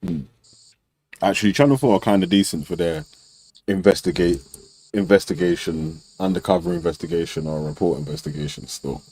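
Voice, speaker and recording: Low, mellow-voiced man in slang chat. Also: brisk, slightly rough, low-quality recording. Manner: slangy, laughs often, mimics people. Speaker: debate show host. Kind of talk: casual panel chat.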